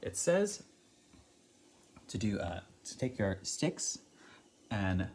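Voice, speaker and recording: A man's voice: lowish voice, sing-song, takes it slowly, darkish tone, slight background noise. A man teaching an online music lesson to children, upbeat and chanting rhythm syllables aloud.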